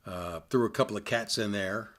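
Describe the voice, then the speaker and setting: A man's voice: lowish voice, moderate pace, fairly bright tone. A man co-hosting a podcast in casual chat, wry and easygoing with dry jokes. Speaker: podcast co-host.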